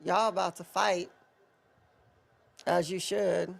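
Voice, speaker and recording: Gravelly woman co-host bantering playfully. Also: on the low side, fairly even intonation, takes it slowly. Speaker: wrestling watch-along co-host. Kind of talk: live reaction commentary.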